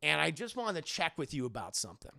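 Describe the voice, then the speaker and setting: A man voicing an excitable older male doctor who hunts vampires, blurting out profane alarm. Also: fairly high pitch, quick pace, gravelly, heavily acted. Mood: eager rambling.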